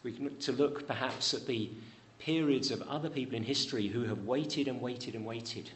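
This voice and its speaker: At a moderate pace, a man gives a sermon in church; pleading questions push his voice upward, while promises come out quiet and low.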